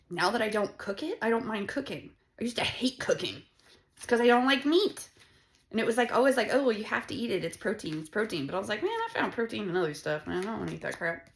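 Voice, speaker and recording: Frank, foul-mouthed woman with a somewhat low voice, chatting loosely through a tarot reading. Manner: blunt and profane, rambling and conversational. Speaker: tarot reader. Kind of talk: casual tarot reading monologue.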